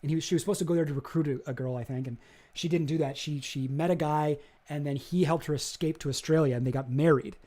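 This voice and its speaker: A young man on a live stream giving casual commentary, animated and swearing as he gets worked up. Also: on the high side, quick pace.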